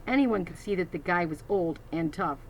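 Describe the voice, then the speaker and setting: A woman's voice: lowish voice, expressive, normal speed, slight background noise, low-quality recording. A woman reading a children's novel aloud, adding teacherly asides to her listeners. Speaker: reader.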